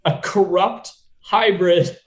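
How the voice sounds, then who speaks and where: A man's voice: sits high, steady tone, slow, darkish tone, roomy sound. An American man chatting casually about a film, loose and full of fillers and asides. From United States.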